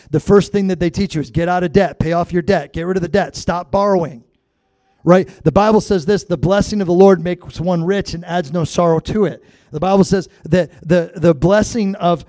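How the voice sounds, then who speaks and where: A middle-aged man preaching as a pastor, blunt and conversational, often turning to the congregation with quick asides. His voice sits high for a man. It is recorded close and dry, with no room echo. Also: warm tone. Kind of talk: sermon.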